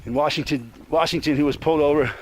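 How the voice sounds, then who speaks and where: An angry man rants on and on, full of swearing and tacking "man" onto his sentences. His voice sits slightly high, and he wanders from one grievance to the next in a loose, unscripted monologue. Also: fast talker, slight background noise. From Colorado. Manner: rambling, profane, angry, repeats "man". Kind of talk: casual monologue rant.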